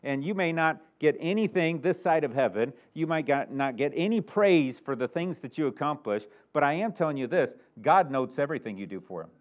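A middle-aged man preaching a sermon as a pastor, animated and emphatic, chuckling now and then. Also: on the high side, a little fast, hardly any pauses. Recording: muffled lo-fi recording.

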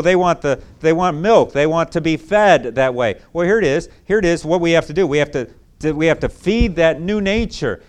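A male pastor preaching a sermon to a congregation, speaking emphatically with folksy repetition. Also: a little high.

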